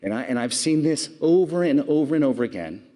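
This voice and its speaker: A man's voice: fairly high pitch, expressive, fairly quick, warm tone. A man giving an earnest public speech, telling stories and asking the audience questions. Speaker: award speaker.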